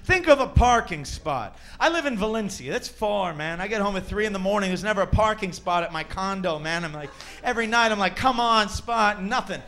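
A stand-up comedian works a club crowd in a high, bright voice, brash and crude. He pokes at the audience between punchlines with a loud, cheeky delivery. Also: expressive, brisk, few pauses.

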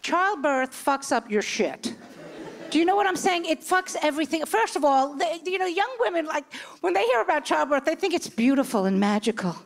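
This comedian, a woman in her sixties, tells brash stories on stage and performs the voices in them with animated energy. She speaks at a moderate pace in a high-sitting voice with vocal fry.

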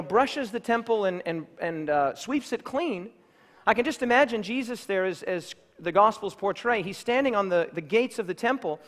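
A man preaching a sermon in a church, emphatic and building to loud declarations. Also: high voice, big-room sound. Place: church sanctuary.

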